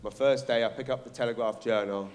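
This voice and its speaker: A man with a mid-range voice keeps a steady tone and a quick pace during his stand-up set. He's on a theatre stage facing a live audience, using a stage microphone, animatedly spinning stories, impersonating characters, and swearing.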